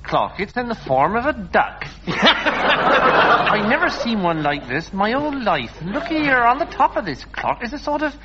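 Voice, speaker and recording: A man's voice: extremely high pitch, very animated, measured pace. A man on a radio comedy panel, spinning a silly story in a mock-pompous manner. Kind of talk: improvised comic storytelling. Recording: dull, very noisy old radio recording.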